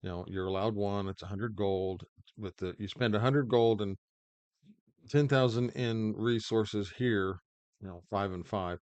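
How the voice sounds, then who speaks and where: A man's voice: lowish voice, measured pace, a little mellow, dry recording, highs cut off. A man hosting his own gaming channel, rambling through mobile game commentary with lots of fillers and restarts. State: hiccups.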